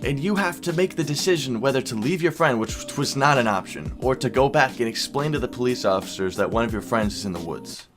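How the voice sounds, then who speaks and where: A young man vlogging, casually telling a wild night's story with lots of swearing and animated quoted voices. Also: medium pitch, a little fast, few pauses, music in the background. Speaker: YouTuber.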